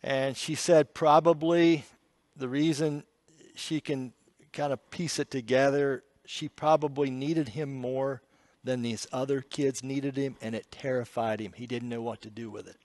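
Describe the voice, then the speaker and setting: A man preaching a sermon, telling an emotional story and shifting between hushed passages and loud, pleading ones. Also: medium pitch, steady tone, unhurried, no room sound.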